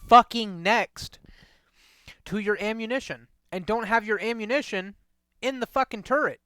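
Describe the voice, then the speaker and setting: Brief: male co-host, slightly high, smooth voice, blunt and swearing. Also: normal speed, sharp tone, no room sound. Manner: blunt, opinionated, trails off and restarts. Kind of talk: casual profane chat.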